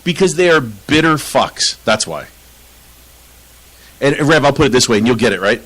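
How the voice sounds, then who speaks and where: A man's voice: medium pitch, animated, normal speed, fairly bright tone, rough recording. A man co-hosting a casual soccer podcast, ranting with lots of swearing and frequent laughter. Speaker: podcast co-host.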